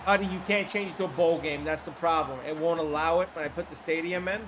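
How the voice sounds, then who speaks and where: A hoarse man with a fairly high voice calls the action of a game on his livestream, chatty and excitable, now and then swearing. He talks over faint background music. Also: quick pace. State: hoarse throat. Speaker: livestream host. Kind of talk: casual play-by-play game commentary.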